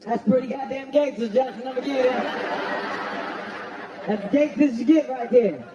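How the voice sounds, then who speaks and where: A man doing a stand-up roast, brash and profane, shouting his punchlines. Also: very high-pitched, unhurried. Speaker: comedian at a roast. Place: stage before a live audience. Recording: roomy venue with crowd laughter.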